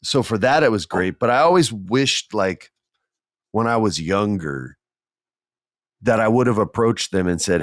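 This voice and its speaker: A man with a deep, low voice hosts a podcast and tells stories in a casual, lively way. He acts out the quotes with sudden jumps in pitch. The sound is close and dry. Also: unhurried, pauses often, dry recording. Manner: animated, acts out quotes with big jumps in pitch, laughs often. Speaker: podcast host. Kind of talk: casual storytelling.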